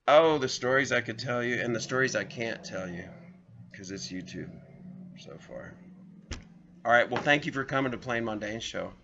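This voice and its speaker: A man at medium pitch talks briskly with a bright, forceful tone, over slight background noise. Hosting his vlog, he spins rambling personal stories and talks right to viewers as folks. The audio is slightly dull lo-fi.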